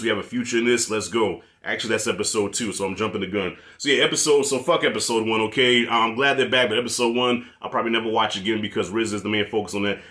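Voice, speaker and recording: A man giving a blunt, profane, animated review of a TV series in a casual rant. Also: medium pitch. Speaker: TV show reviewer.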